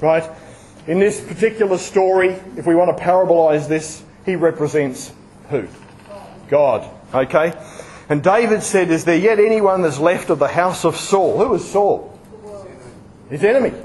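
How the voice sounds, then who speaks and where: High-voiced man preaching to a congregation. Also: a little hiss or hum, poor audio. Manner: lively, asks the audience questions and acts out examples. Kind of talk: sermon.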